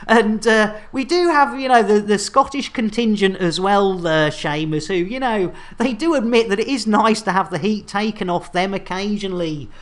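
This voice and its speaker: A woman's voice: medium pitch, moderate pace, few pauses. A British woman hosting a gaming livestream, chatting and joking with her audience and laughing often as she goes. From United Kingdom. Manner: jokey and chatty, laughs often, repeats catchphrases. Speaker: game streamer host. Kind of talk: casual gaming livestream chat.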